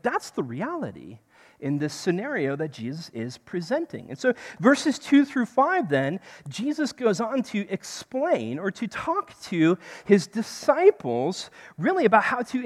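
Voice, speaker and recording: A preacher giving a conversational sermon in a church hall, often checking in with the listeners. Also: mid-range voice. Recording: long hall reverb.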